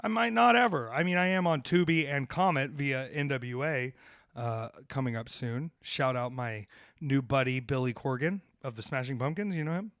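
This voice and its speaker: A man who is a professional wrestler co-hosting a podcast, ranting with heavy swearing, then telling road stories, his loudness swinging between shouted emphasis and hushed asides. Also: medium pitch, normal speed, dry recording, clean studio sound. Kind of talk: fired-up rant, then casual storytelling.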